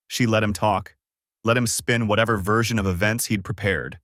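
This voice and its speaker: A man reading a first-person story aloud in measured, scripted narration. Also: lowish voice, fairly even intonation, fairly bright tone, no room sound, studio quality.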